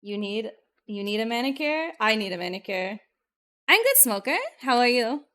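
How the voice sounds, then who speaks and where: A woman VTuber streamer chatting casually with her live viewers, excitable and profane, jumping between loud bursts and muttered asides. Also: a little high, moderate pace, clean tone.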